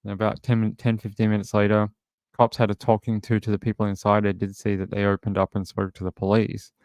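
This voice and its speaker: Man, livestream host, casual rambling, low voice, gravelly, dry close sound. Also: completely flat delivery, brisk, a little mellow, no room sound. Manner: rambling, thinks aloud, many restarts. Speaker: true crime livestream host.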